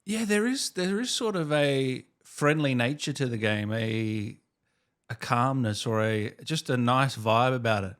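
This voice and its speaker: A man in his thirties hosts a casual interview in an easygoing, enthusiastic way. His voice sits at an ordinary mid pitch. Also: expressive, unhurried, a bit bright. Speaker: podcast host.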